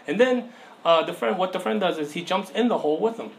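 A man's voice: high-pitched, fast, gravelly, poor audio. A young man giving a casual sermon as a youth pastor, telling a story and acting out the voices in it. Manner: conversational storytelling, acts out voices in anecdotes. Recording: faint background noise.

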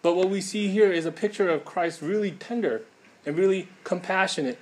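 Conversational male preacher, slightly high voice. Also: a little fast, a little mellow. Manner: conversational, many fillers and tag questions. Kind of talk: casual sermon.

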